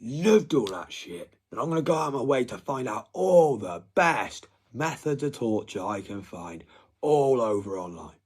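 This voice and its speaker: A man delivering a threatening, profane rant, dropping to hushed whispers and then bursting out loudly. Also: mid-range voice, big pitch swings, moderate pace, husky. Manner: swings from hushed whispers to loud outbursts, heavy swearing.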